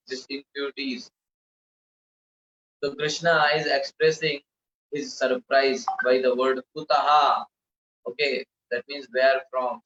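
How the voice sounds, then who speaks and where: A man's voice: on the high side, fairly bright tone, reverberant, lo-fi sound, a little hiss or hum. A man giving a scripture lecture, defining terms over and over and often correcting himself mid-sentence. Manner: explanatory, repeats and defines terms, frequent self-corrections.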